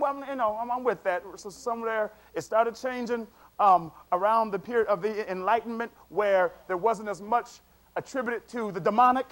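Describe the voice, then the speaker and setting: A man's voice: sits high, fairly bright tone. A man preaching a sermon in a casual, conversational way, repeating words and checking in with the congregation.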